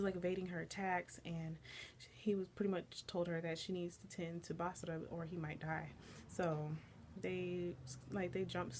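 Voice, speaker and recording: Woman, anime reviewer, fairly low voice, eager and chatty, casual recap delivery. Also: a little mellow, slight background noise. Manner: enthusiastic, chatty, filler-heavy.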